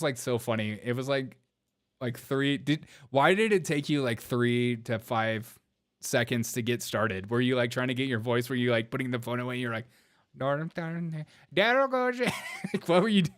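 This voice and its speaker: A man hosting a livestream commentary show, animated and giggly, laughing through his words. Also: mid-range voice, normal speed. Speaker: show host.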